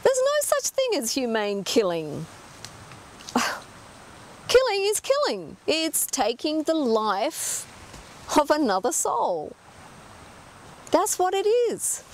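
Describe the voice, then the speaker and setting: A woman's voice: sits high, wildly swooping pitch, slow, long pauses, slight background noise. A middle-aged woman giving an earnest talk as an animal communicator, emphatic and full of rhetorical questions.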